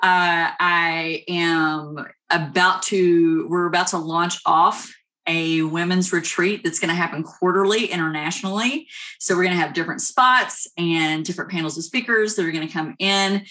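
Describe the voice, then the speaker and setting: A woman's voice: fairly low pitch, normal speed, sharp tone. A woman with a Kentucky accent, chatting as a podcast guest, rambling and laughing often. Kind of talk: casual interview chat.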